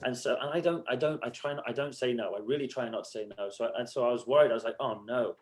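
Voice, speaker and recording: A man's voice: medium pitch, very fast. A man guest on a podcast, telling stories casually and acting out conversations with other voices. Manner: animated, acts out exchanges, swears. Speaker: podcast guest, band musician. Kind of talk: casual storytelling.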